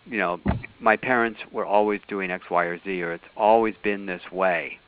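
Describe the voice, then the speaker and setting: A man teaching a workshop on a group call, explaining in a calm, patient way. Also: sits low, moderate pace, clean tone. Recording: phone-like call audio.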